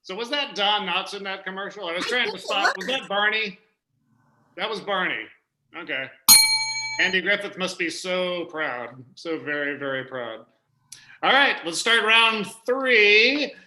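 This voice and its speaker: A man's voice: high voice, expressive, measured pace, heavy background noise. A man hosting an improv comedy game show parody, chatty and jokey, rambling on between questions. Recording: echoey stage room.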